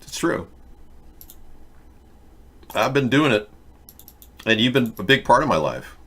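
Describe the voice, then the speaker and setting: A man in his sixties hosting a casual live stream, rambling and joking in a deadpan way. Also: mid-range voice, takes it slowly, husky. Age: 60s. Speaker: host.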